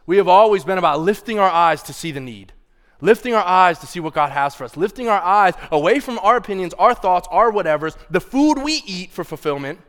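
Impassioned preaching man, slightly high voice. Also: a bit bright. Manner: impassioned, conversational preaching with casual asides. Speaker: pastor. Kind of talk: sermon. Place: church sanctuary. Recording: long reverb of a large hall.

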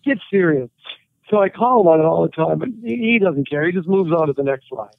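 A man, a writer and interview guest, telling animated anecdotes and quoting people as he goes. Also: a little high, quick pace, creaky, dry recording. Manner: animated anecdotes with quoted voices and laughter. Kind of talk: storytelling interview. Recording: tinny phone-like line.

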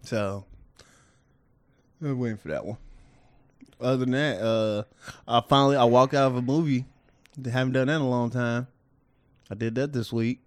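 A man's voice: mid-range voice, normal speed, pauses often, no room sound. A man co-hosting a casual podcast, blunt and laid-back, trailing off into fillers. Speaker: podcast co-host. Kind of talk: casual chat.

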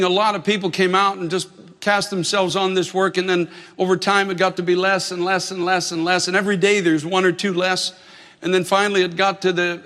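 High, bright-voiced preacher man in a reverberant hall. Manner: earnest storytelling preacher, repeating phrases for emphasis. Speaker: pastor. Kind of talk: sermon.

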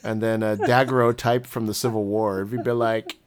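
Podcast co-host: man in his own voice, rambling, self-deprecating, quick to laugh; casual chat. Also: on the low side, level tone. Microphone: webcam.

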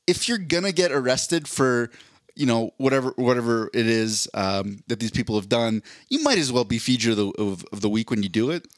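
A man co-hosting a casual podcast, telling stories animatedly and acting out quotes in a deadpan drawl. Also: mid-range voice, brisk, no echo. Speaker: podcast co-host.

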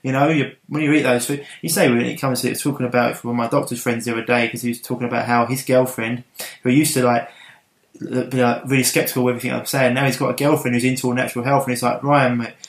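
A man's voice: mid-range voice, flat delivery, fast. A man hosting a casual interview, rambling with many restarts. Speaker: podcast host. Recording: roomy echo.

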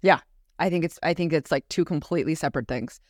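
A fast-talking woman co-hosts a casual podcast chat, laughing easily between points. Her voice sits on the lower side, and the sound is dry with no room echo. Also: a little mellow. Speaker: podcast co-host.

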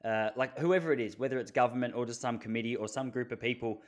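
A man with an Australian accent hosting a podcast, telling animated stories in casual conversation and acting out the people in them. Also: medium pitch, quick pace. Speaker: podcast host.

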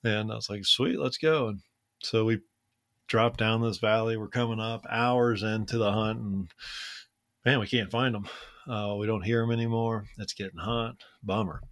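A man co-hosting a podcast, casually telling a personal story in a relaxed, conversational way, with frequent "man" and "uh" fillers. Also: lowish voice, normal speed, no echo, clean studio sound. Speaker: podcast co-host.

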